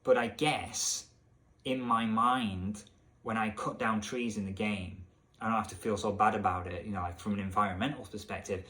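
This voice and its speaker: Exasperated man ranting sarcastically. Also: fairly bright tone. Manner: exasperated, sarcastic, swearing, rising pitch when incredulous. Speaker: video essay host. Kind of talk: comedic game rant commentary.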